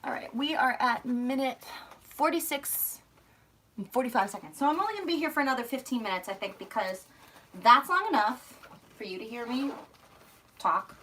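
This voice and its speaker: A young woman with a Philadelphia-area accent chats on and on, joking at her own expense. Her voice sits a little high and is slightly hoarse from talking so long. A faint background noise runs under the recording. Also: moderate pace, bright, forceful tone. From outside Philadelphia. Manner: chatty, rambling, self-mocking. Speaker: vlogger. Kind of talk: casual livestream chat while packing.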